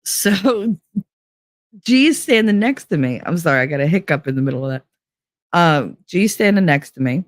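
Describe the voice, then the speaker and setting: A woman hosting a podcast, telling a bawdy story in a casual, animated, profane way and acting out what others said. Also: on the low side, normal speed, dry recording, clean studio sound. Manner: profane, animated, acts out quoted dialogue. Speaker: podcast host.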